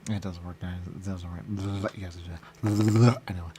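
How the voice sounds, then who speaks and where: A man's voice: low-pitched, little pitch movement, normal speed, background noise. A man hosting a radio show, talking in a rambling, mumbling way and repeating little phrases to himself. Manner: mumbling, repeats "there you go", chuckles. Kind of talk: rambling casual talk.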